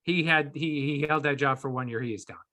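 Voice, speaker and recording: A man co-hosting a podcast, teasing and swearing in loose, animated banter. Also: mid-range voice, fairly quick. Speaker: podcast co-host.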